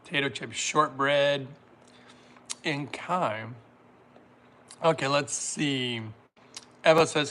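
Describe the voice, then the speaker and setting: A man's voice: medium pitch, takes it slowly, pauses often, sharp tone. A man hosting a casual livestream, reading viewer comments aloud and riffing with jokes and frequent laughter. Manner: laughs often, jokey riffs, trailing off. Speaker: livestream host reading chat.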